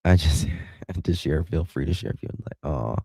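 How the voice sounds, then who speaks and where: A man's voice: very deep voice, normal speed, creaky, mellow, slightly rough, no echo. An American man hosting a livestream, chatting casually and affectionately with viewers, thanking them by name and laughing often. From United States. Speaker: livestream host. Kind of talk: casual chat reading viewer comments.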